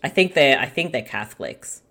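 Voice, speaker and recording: An Australian co-host in casual chat about a film, making quick jokes and giggling often. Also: medium pitch, big pitch swings, pushed and bright. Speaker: co-host of a movie-watching podcast.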